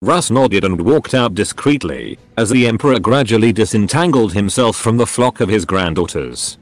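A man narrating a story in a steady reading voice. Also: fairly low pitch, moderate pace.

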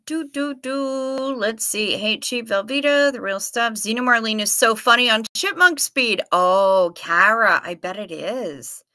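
A woman's voice: a little high, measured pace, few pauses, pushed and bright, no room sound. A woman with a Minnesota accent hosting a livestream, chatting casually and reading viewer comments aloud in a playful way. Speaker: livestream host.

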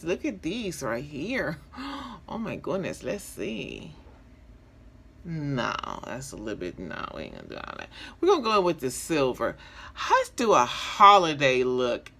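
Chuckling as she goes, a makeup vlogger chats casually through a tutorial and speaks right to her audience as y'all. Her voice sits mid-range, creaky with a breathy edge and a fairly bright tone.

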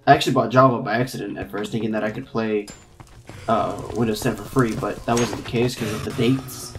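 A young adult in their twenties hosting a casual gameplay chat, excitable and quick to yelp when startled. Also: mid-range voice, noisy background. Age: 20s. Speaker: gaming channel host. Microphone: computer mic with clicking keys.

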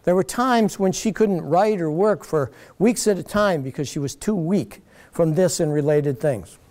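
A man giving a public lecture, telling stories in an animated way and mocking the critics he quotes. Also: on the high side, normal speed. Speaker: guest lecturer. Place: lecture hall.

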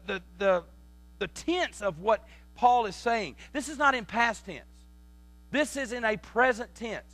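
A pastor preaching a sermon, animated, with repeated words and sudden loud emphasis, telling folksy family stories. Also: male voice, sits high. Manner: tells folksy family anecdotes. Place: church sanctuary.

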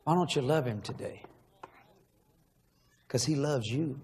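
A man's voice: mid-range voice, measured pace, vocal fry, darkish tone, slight background noise. A man preaching a sermon in a large church, emotional and pleading, asking the same questions again and again. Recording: long echo of a large hall.

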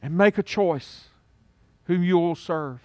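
A man preaching a sermon, moving from hushed and solemn to loud, urgent pleading. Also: high voice, takes it slowly, dry recording. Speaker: pastor.

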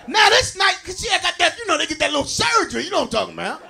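A man with a Brooklyn, New York accent doing a stand-up comedy set, telling stories loudly and laughing along as he works the crowd on stage. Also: very high-pitched, big pitch swings, racing, vocal fry. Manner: loud, laughing, crowd-working storytelling. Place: comedy stage before a live audience. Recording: faint crowd noise in the room.

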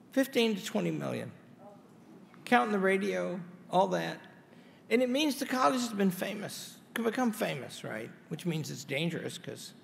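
A man's voice: high voice, creaky, a little hiss or hum. A man, a college president, giving an anniversary speech to an audience in a large hall, telling folksy stories with wry asides. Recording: hall reverb with faint ambience.

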